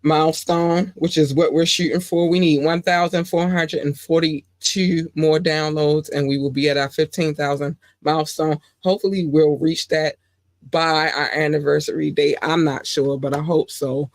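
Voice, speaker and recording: A woman's voice: low-pitched, steady tone, moderate pace, no room sound. Woman in her 40s hosting her podcast, super affectionate with listeners, dry close sound. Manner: effusive, affectionate shout-outs to listeners. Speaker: podcast host. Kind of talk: casual podcast monologue.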